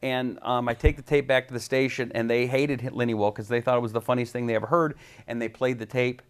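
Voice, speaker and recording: A man's voice: medium pitch, clean tone. A man, a radio talk host, telling stories from his career in a casual interview. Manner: rapid, animated anecdotes with quoted voices.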